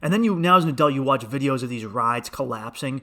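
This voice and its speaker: Bright-voiced rambling male comedian. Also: medium pitch, expressive, quick pace. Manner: rambling storytelling, self-interrupting with restarts and asides. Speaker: comedian podcast host. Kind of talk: casual comedic monologue.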